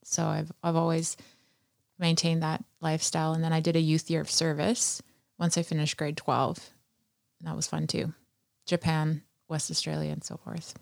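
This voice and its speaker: A woman telling stories as an interview guest, chatty and animated. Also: deep voice, moderate pace, creaky, no room sound, clean studio sound. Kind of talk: conversational interview storytelling.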